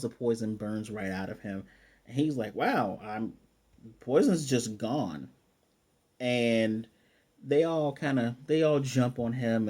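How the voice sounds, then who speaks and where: A man casually recapping an anime episode, retelling scenes with lots of fillers and restarts. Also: medium pitch. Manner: excited storytelling with frequent fillers and restarts. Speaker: anime reviewer.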